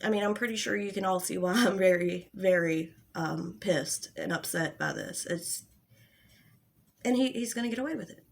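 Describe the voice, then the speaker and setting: A woman's voice: fairly low pitch, moderate pace, vocal fry. A young adult woman giving an angry, profane commentary rant, exasperated and sarcastic. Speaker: commentary YouTuber.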